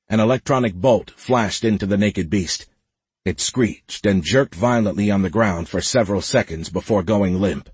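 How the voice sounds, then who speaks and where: Man reading a story aloud, measured and even, husky and dry. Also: lowish voice, dry recording. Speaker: audiobook narrator. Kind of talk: scripted narration.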